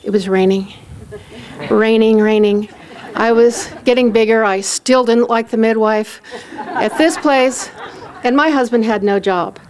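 A woman telling a personal story in a lively way, acting out the voices of the people in it and often laughing as she talks. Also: on the high side, measured pace, some chatter behind. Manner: animated, acts out quoted voices; often laughs while talking.

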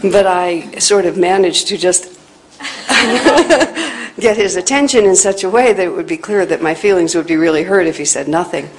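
A woman teacher telling a personal spiritual story in an earnest, reflective way, growing animated when she quotes others. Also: lowish voice, normal speed, low-quality recording. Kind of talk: storytelling talk.

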